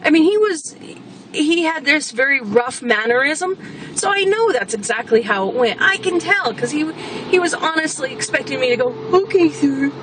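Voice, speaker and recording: A woman's voice: sits high, animated, moderate pace. A woman venting in a casual, blunt rant as a homeowner, exasperated and swearing freely. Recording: background traffic noise.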